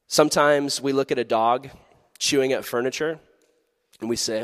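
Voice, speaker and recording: A man giving a youth sermon in a lively, animated way, acting out quoted voices. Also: medium pitch, normal speed, pauses often. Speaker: youth pastor. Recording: long hall reverb.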